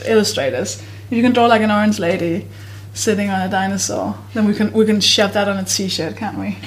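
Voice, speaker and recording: A woman co-hosting a comedy podcast, telling stories in a casual, giggly way and bursting into shouted quotes. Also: mid-range voice, fairly even intonation, a little fast. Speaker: podcast co-host.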